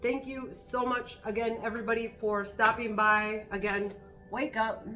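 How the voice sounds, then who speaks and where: A woman's voice: fairly high pitch, little pitch movement, moderate pace, bright, forceful tone, soft background music. A woman giving a spiritual card reading to her viewers, talking in an earnest, encouraging way with spontaneous asides. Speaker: tarot card reader.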